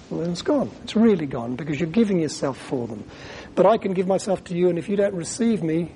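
A man preaching a sermon in an earnest, pausing way, sometimes acting out quoted speech. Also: a little high, gravelly, warm tone, slight background noise.

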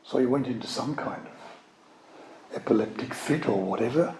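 A man's voice: medium pitch, normal speed, darkish tone. A man preaching a sermon in a conversational way, with wry asides and emphatic readings of scripture. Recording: echoey room, faint ambient noise.

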